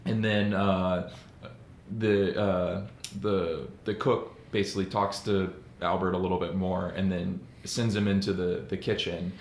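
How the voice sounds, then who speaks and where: A deep-voiced man talks through a movie's plot in a loose, rambling podcast chat, often pausing on "uh" and "um". His voice carries a roomy echo with a faint hiss in the background, and he sounds easygoing. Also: flat delivery. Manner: rambling recap with fillers and laughs. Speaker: podcast co-host. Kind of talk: casual film discussion. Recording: roomy echoey room with faint noise.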